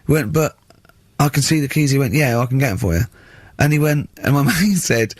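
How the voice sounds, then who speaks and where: A man's voice: mid-range voice, animated, fairly quick, gravelly, few pauses, slightly rough, dry recording. A man co-hosting a radio show, telling wry anecdotes in casual banter. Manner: wry anecdotes, quoting people in voices. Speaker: radio co-host.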